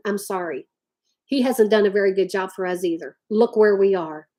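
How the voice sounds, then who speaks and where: A woman's voice: mid-range voice, a little mellow. A woman ranting to her viewers. She talks emphatically and drawls "y'all" often. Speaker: vlogger talking to live chat. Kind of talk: impassioned rant to viewers.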